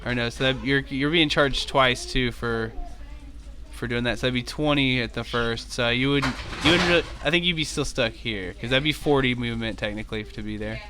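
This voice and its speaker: A man's voice: medium pitch, brisk, bright, forceful tone. A young man in a casual, rambling way running an online tabletop game as game master, laughing often.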